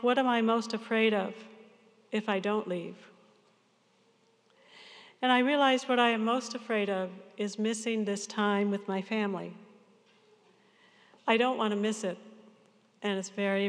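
A woman's voice: medium pitch, fairly even intonation, big-room sound. Older woman pastor preaching earnestly. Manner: earnest, measured farewell address. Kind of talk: sermon.

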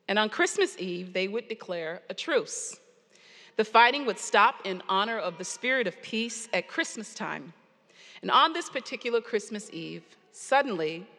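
A woman preacher giving a sermon, earnest and storytelling with pauses, in a church sanctuary. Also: mid-range voice, fairly bright tone. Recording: long hall reverb.

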